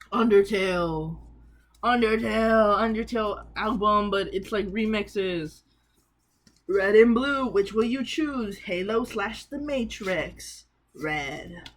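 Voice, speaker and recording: Young adult woman vlogger, mid-pitched, chatty and self-mocking, laughs a lot. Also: fairly bright tone. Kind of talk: casual chat showing off a collection.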